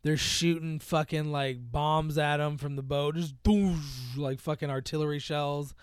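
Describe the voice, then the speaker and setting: A man's voice: on the high side, fairly even intonation, a little slow, smooth, dry recording, clean studio sound. A man hosting a casual chat, rambling through a movie plot with lots of swearing and filler words. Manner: rambling, swears freely, acts out quoted lines. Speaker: podcast host recapping a movie.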